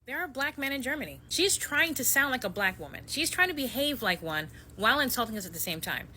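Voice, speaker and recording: Bright-voiced indignant woman. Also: sits high, very animated, fast talker, slight background noise. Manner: indignant, pointed. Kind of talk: social media commentary.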